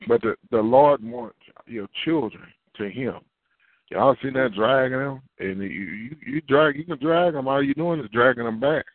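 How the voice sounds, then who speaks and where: A man preaching a sermon as a pastor, animated and acting out little dialogues, with repeated words. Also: medium pitch, moderate pace, no room sound. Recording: tinny phone-like line.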